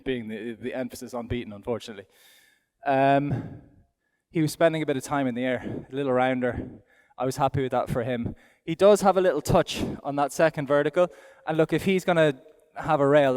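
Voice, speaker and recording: A man's voice: medium pitch, fairly quick, a little mellow. A middle-aged man with an Irish accent gives live demonstration commentary as an event rider, chatting aloud in a self-deprecating way while he rides. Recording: long hall reverb from an arena.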